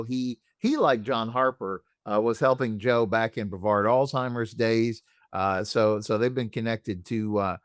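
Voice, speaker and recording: A man's voice: medium pitch, dry recording, studio quality. A man hosting a radio show, from the United States, talking in a chatty, enthusiastic way. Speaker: radio host. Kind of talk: casual radio interview.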